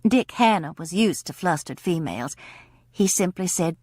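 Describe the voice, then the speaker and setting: A woman narrating an audiobook in a wry, expressive way. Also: fairly low pitch, normal speed, no echo, studio quality. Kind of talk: scripted narration.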